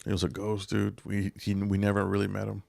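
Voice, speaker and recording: A comedian rambling through profane stories in a casual podcast chat. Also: male voice, on the low side, completely flat delivery, fairly quick, creaky, a little mellow.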